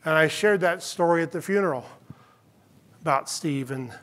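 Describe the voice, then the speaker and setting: A man who is a pastor, preaching a sermon with earnest storytelling that drops to a hush in tender moments. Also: a little high, normal speed.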